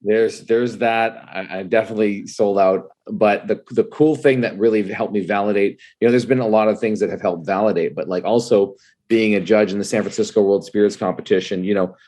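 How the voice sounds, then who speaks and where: A man talking as a podcast guest in casual, animated chat, laughing often and calling the host "dude". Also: lowish voice. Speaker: guest, whiskey writer and tasting host.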